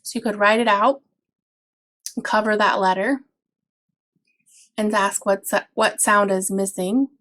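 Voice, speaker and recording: A woman teacher explaining early reading games for parents in an instructional video, patient and clear, drawing out example words. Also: mid-range voice, fairly even intonation, measured pace, pauses often, fairly bright tone.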